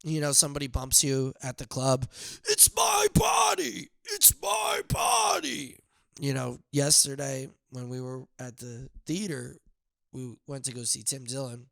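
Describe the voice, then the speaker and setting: A young man hosting a solo podcast, rambling and profane, breaking into high strained shouts of a catchphrase. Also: little pitch movement, moderate pace, creaky, dry recording, studio quality. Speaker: podcast host. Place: outdoors near his house.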